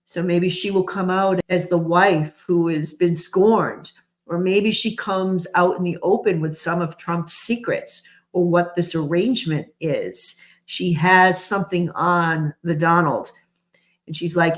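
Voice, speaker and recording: A woman's voice: lowish voice, unhurried. A woman giving a tarot reading, musing aloud and stressing single words for drama. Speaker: tarot reader. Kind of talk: channeled tarot reading commentary.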